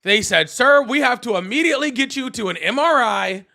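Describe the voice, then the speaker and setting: A man's voice: extremely high pitch, lively intonation, brisk, vocal fry, bright, forceful tone, heavily acted. A man doing an impression of a boastful, rambling older male president. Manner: bragging, repetitive, self-praising.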